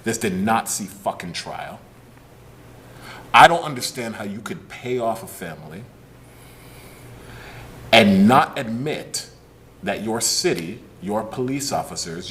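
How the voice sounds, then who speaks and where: A man's voice: fairly low pitch, lively intonation, slow, pauses often, fairly bright tone. A man co-hosting a podcast, ranting with anger and biting sarcasm, often swearing. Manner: angry, sarcastic, profane ranting. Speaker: podcast co-host. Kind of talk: heated podcast commentary.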